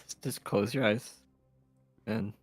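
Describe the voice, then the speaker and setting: A man playing in a tabletop game, speaking hesitantly with halting starts. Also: lowish voice, fairly even intonation, dry recording, soft background music. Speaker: player.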